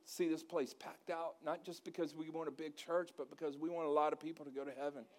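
A man preaching a sermon to his congregation, his voice sitting a bit high for a man. He swings between quiet, folksy asides and loud, emphatic call-and-response. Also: flat delivery, fast talker. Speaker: pastor.

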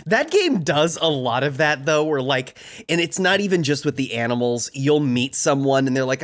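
A co-host of a casual gaming podcast, telling stories in an animated way. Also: mid-range voice, normal speed.

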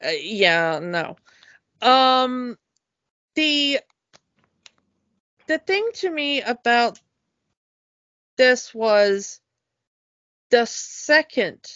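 A woman chatting casually and enthusiastically on a podcast, often halting with fillers and restarts. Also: a little high, sing-song, fairly bright tone, no echo. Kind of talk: casual chat. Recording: dull, lo-fi dry recording.

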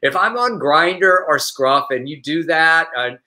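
Lively bright-voiced man reading news. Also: a little high, measured pace. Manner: reads news aloud with playful mock accent, laughs often. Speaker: podcast co-host. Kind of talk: casual news chat.

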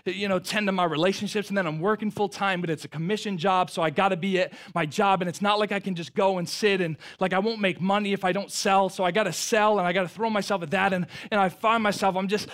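A man, preaching a sermon earnestly, stumbling over restarts, swelling with feeling and then dropping soft. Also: high-pitched, fairly even intonation, quick pace, hardly any pauses. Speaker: pastor.

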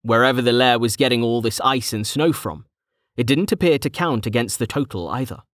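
An audiobook narrator, male, reads a fantasy novel in a steady, measured storytelling voice. His voice sits mid-range, and the studio-quality recording carries no room sound.

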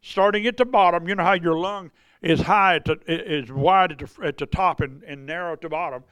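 A man's voice: on the high side, brisk, fairly bright tone, smooth, dry recording. Folksy preacher man. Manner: folksy, conversational, repeats and restarts. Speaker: revival preacher. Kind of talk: testimony storytelling sermon.

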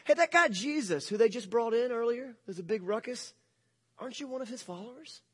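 A nosy young servant girl pries and accuses in a high, lilting voice, as a male preacher puts her on in a sermon story. Her questions come pointed and suspicious. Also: animated, brisk, breathy edge, heavily acted. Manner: prying, questioning.

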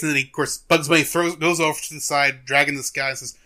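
A man co-hosting a film review podcast, retelling a cartoon in casual chat as an animated storyteller who laughs often. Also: fairly high pitch, fast.

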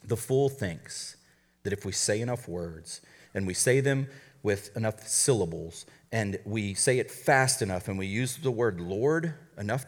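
A man who is a college pastor, preaching a conversational sermon with quick asides and light humor. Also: on the low side, in a large hall.

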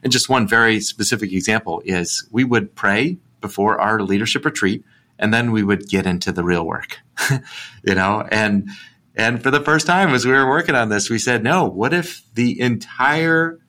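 A man's voice: fairly low pitch, moderate pace, bright, forceful tone. A man, a guest author on a podcast interview, explaining his ideas in a thoughtful, conversational way with frequent ums and uhs.

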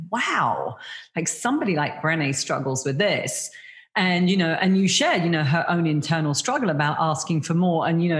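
Host: enthusiastic woman, lowish voice, echoey room. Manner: enthusiastic, lots of "you know" and "like". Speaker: podcast host. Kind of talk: podcast interview.

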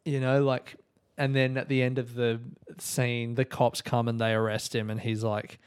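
A man's voice: medium pitch, monotone, normal speed, clean tone. Laid-back Australian man telling a story. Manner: laid-back, swears freely, laughs often. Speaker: podcast host. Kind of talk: casual storytelling monologue.

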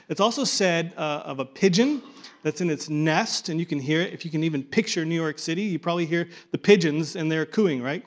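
Male Bible teacher, slightly high voice, animated and repetitive, pulls the group in. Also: brisk. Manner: animated, repeats and restarts words, coaxes the group to join in. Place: room with a live group.

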